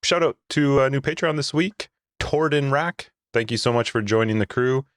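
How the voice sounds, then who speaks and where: A man's voice: mid-range voice, moderate pace, a bit bright, dry recording, clean studio sound. A man co-hosting a gaming podcast in casual chat, joking and laughing often. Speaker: podcast co-host.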